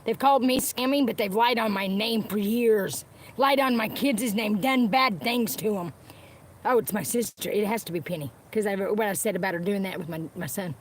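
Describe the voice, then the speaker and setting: Sitting in her car, a woman with a mid-range voice livestreams at a moderate pace, ranting angrily to viewers. The unscripted tirade is full of profanity aimed at the people she mentions, with phrases said again and again. Faint noise and dogs nearby fill the background.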